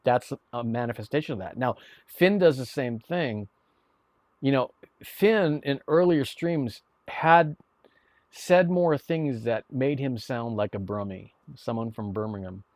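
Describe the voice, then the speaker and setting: A man's voice: mid-range voice, measured pace, no room sound. A man chatting casually to viewers on a live stream, rambling, with many restarts and repeated words. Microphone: streaming mic.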